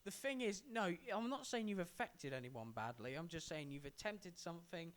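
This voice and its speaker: High-voiced man holding forth. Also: animated, moderate pace. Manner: opinionated, lecturing in long run-on explanations. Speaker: podcast co-host. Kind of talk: casual chat.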